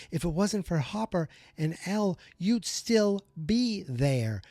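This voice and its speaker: A man hosting a solo podcast, recapping a TV episode and getting animated and worked up as he vents. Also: a little high, no room sound. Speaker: podcast host.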